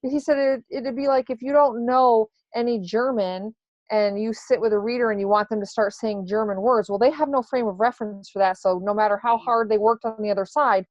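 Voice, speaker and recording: A woman's voice: a little high, a little fast, a little mellow, dry recording. Woman, psychic medium, casual interview, hesitant with fillers, muffled sound. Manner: hesitant, many fillers and restarts. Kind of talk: relaying answers in a casual interview. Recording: dry, dull lo-fi sound.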